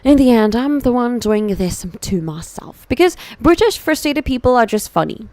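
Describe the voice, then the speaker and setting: A woman voicing a tired thirty-year-old male detective in a put-on British accent, slow and subdued. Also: sits high, sing-song, no echo, voice pushed up. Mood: weary.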